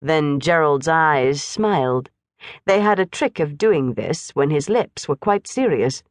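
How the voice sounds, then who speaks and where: Expressive, low-voiced woman narrating a storybook. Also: slow, no echo, studio quality. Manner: expressive, lively reading. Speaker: audiobook narrator.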